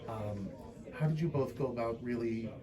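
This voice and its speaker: Halting man asking a panel question. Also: mid-range voice, crowd noise, low-quality recording. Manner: halting, with many fillers. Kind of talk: audience question. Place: convention hall.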